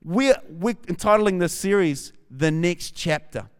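A man's voice: high voice, expressive, unhurried, clean tone. A man with a New Zealand accent, a campus pastor preaching a sermon and reading scripture aloud with rising fervor. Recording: long hall reverb.

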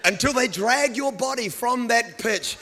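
Male preacher, high voice, animated and funny, live sermon with sound effects. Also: unhurried. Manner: animated storytelling with humor. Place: room with a live congregation.

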